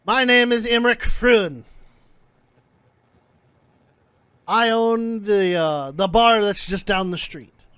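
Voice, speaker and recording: A man playing a stumpy, frumpy tavern owner, rough-voiced and pushy, high and loud. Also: a little slow, no room sound. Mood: gruff. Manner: loud, insistent, high and strained. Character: short stumpy frumpy male bar owner, pushy and whiny. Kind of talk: tabletop role-play.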